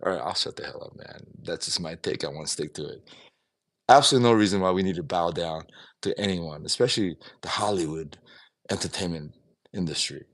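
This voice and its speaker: A man's voice: low-pitched, a little fast. A man ranting in an opinionated, casual way on a livestream, swearing now and then. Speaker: livestream vlogger.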